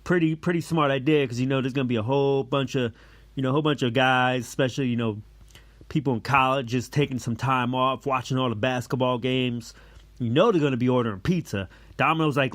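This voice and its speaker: A man hosting a comedy podcast, rambling through jokes and stories and acting out both sides of the dialogue loudly. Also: mid-range voice, brisk, no room sound. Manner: loud animated storytelling with acted-out dialogue. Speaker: podcast host.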